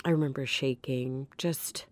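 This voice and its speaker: A woman's voice: very deep voice, steady tone, a little slow, darkish tone, no echo. A middle-aged woman gives a candid, earnest testimony about her recovery. She often stops and restarts as she talks. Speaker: person in recovery sharing her story. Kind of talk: personal testimony.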